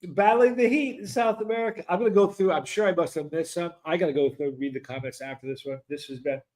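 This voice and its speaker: A man with a high, light voice chats through a live stream, reading viewer comments aloud. He breaks into laughter again and again and sounds delighted by the jokes. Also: fast, a little mellow. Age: 50s. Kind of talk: casual live-stream chat.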